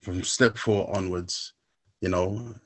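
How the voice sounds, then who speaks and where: A man reciting a spoken word poem in a measured, rhythmic way, then talking haltingly about his own recovery steps. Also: low voice, steady tone, fairly bright tone. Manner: halting, searching for words.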